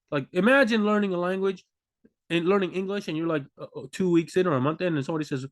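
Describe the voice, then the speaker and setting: A man's voice: sits high, fast. A man, a language learning vlogger, talking unscripted to camera in a rambling way, restarting sentences and acting out confused learners. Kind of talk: unscripted casual talk to camera.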